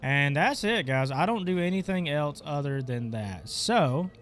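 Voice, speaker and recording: A man's voice: on the high side, lively intonation, unhurried, fairly bright tone, slight background noise. A man hosting a casual gaming tutorial, talking offhandedly while clicking through settings, his voice stuffy and congested. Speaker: gaming channel host. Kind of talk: casual screen-recorded tutorial.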